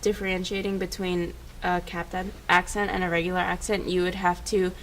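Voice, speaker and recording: A woman's voice: on the low side, little pitch movement, fairly quick, slight background noise, low-quality recording. A young female student answering a question in class, hesitant and searching for words.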